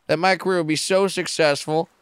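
A man in his forties, a comedian guest on a podcast, telling stories in a profane, animated way and acting out quotes. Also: on the high side, fairly quick, smooth, no room sound. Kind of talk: casual podcast interview storytelling. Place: podcast studio.

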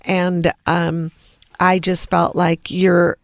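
Animated middle-aged woman, dry studio mic. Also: lowish voice, drawn-out words, dry recording. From Los Angeles. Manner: animated storyteller, lively asides. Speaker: singer-songwriter guest. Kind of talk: casual interview chat.

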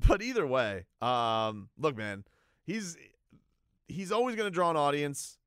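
Male sports radio host, casual rambling monologue, smooth resonant voice, dry booth sound. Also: a little high, a little slow, no room sound. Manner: rambling, animated storytelling with restarts.

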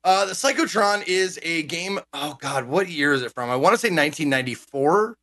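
A man co-hosting a laid-back podcast, his voice bright and a touch high. He rambles through stories with frequent restarts and fillers. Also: expressive, brisk. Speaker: co-host. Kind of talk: casual podcast chat.

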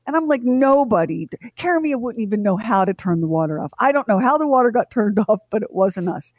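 A middle-aged woman co-hosting a radio show tells a funny family story, animatedly acting out each relative's lines. She talks quickly in a medium-pitched voice with no room sound.

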